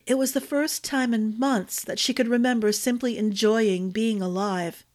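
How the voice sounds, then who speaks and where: A woman storyteller giving a measured, expressive audiobook narration. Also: on the high side.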